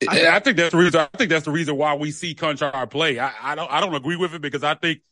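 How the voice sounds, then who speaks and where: A man's voice: fairly high pitch, fast, bright, forceful tone, no echo. A man co-hosting a sports podcast, talking in a rambling, easygoing way with repeated words. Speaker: podcast co-host. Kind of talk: casual sports chat.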